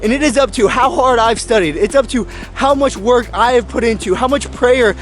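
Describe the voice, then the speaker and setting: A man's voice: very high voice, normal speed, soft background music. A young man in his twenties, a medical student vlogger, talking earnestly and a little preachily about motivation while filming himself on a handheld camera. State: out of breath. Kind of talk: motivational vlog talk.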